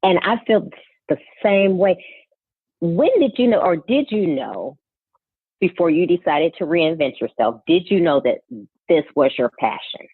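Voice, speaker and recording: A woman's voice: fairly low pitch, lively intonation, a little slow, breathy edge, dry recording. A woman in her forties hosting a podcast interview, affirming her guest with frequent mm-hmms. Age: 40s. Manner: warm, affirming listener, lots of mm-hmms. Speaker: podcast host. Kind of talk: conversational interview. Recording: tinny phone-like line.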